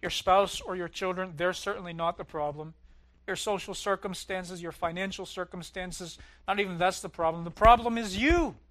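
A man preaching a sermon as pastor, swelling loud on key lines and dropping low and quiet at others. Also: steady tone, moderate pace.

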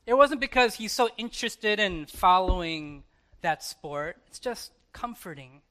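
A pastor in his thirties from the United States, with an American accent, preaches in church in a conversational way. His voice is high-pitched with lively intonation, and he uses dramatic pauses and soft asides.

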